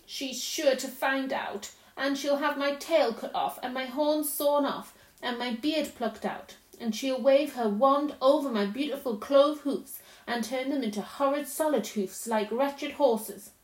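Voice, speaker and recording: A woman's voice: sits high, a little slow, few pauses, pitched above the performer's own voice. A woman voicing a timid, kindly male faun who speaks in an anxious, fretful, politely old-fashioned way. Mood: fearful. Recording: roomy echo.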